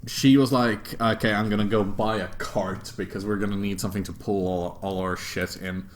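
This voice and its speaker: Male host, lower register, loose crude conversational delivery with frequent fillers. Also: steady tone, normal speed. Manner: crude, laughing, rambling with many fillers. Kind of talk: casual chat.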